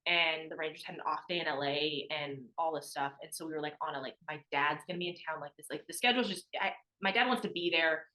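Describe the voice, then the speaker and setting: A woman's voice: low voice, quick pace, few pauses, bright, forceful tone, low-quality recording. A young adult woman, a former college athlete, chatting as a podcast guest and acting out what others said, with lots of "like". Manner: chatty, lots of "like", acts out quoted voices. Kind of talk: casual storytelling interview.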